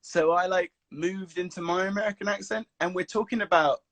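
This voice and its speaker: A man from England, chatting casually on a video call and telling animated stories with swearing and laughs. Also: sits high, fairly quick, no echo. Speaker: actor guest. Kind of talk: casual chat.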